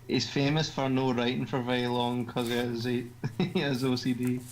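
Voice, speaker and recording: A Scottish man voicing a snarky teenage girl club president in a game, teasing and trading crude, deadpan insults. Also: mid-range voice, normal speed, slight background noise, close to an everyday voice, poor audio. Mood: mocking.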